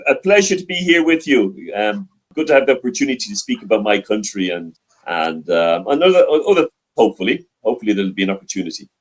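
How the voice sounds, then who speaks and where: A man's voice: fairly low pitch, sing-song, fast talker, rough recording. A middle-aged man with a mild Dublin Irish accent, speaking as an interview guest over a video call from a library, hesitant with many restarts and repeated words. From Ireland. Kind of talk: interview conversation.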